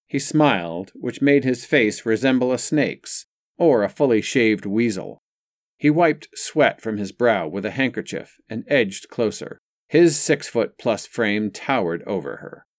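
A man narrating an audiobook in a steady, even reading style. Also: mid-range voice, measured pace, no echo, clean studio sound.

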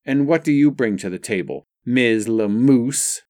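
A man's voice: mid-range voice, very animated, brisk, warm tone, dry recording, pitched above the performer's own voice. A man voicing an arrogant, privileged young male student who speaks in a sneering, mocking way in an audiobook. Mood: smug.

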